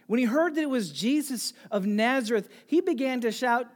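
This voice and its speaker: A pastor preaching a sermon, asking the congregation direct questions and swinging from soft near-whispers to loud emphatic calls. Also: medium pitch, very animated, brisk, few pauses.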